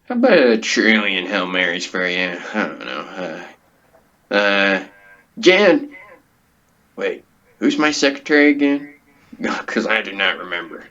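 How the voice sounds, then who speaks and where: A man hosting a comedy podcast, deadpan and zany by turns. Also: low voice, moderate pace, muffled recording. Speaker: comedy show host. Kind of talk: comedic character host.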